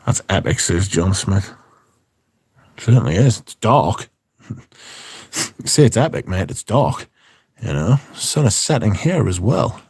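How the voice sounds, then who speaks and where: A man's voice: on the low side, a little mellow, husky, dry recording, clean studio sound. Profane, rambling man streaming. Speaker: livestream host. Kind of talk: casual chat, reading viewer comments.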